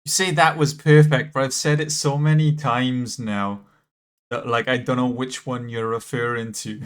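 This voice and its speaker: A man's voice: mid-range voice, fairly even intonation, normal speed. Chatty British man streaming a game. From Britain. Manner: chatty, laughs easily, self-correcting restarts. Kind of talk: casual gameplay commentary.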